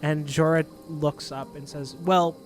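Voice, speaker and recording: A man's voice: on the high side, normal speed, a bit bright, faint music behind. A man narrating a tabletop game as dungeon master, in loose narration full of fillers.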